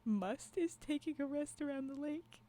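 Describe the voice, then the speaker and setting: A woman with a high, expressive, warm voice chats casually with her livestream viewers at a normal pace. She rambles through trailing asides, restarts often, and laughs a lot as she tells her stories.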